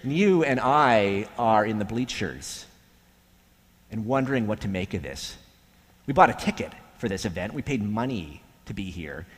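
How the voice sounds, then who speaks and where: A pastor preaching a sermon in a slow, measured way, with long pauses, sometimes dropping to a hushed voice. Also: male voice, medium pitch. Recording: echoey hall with long reverb.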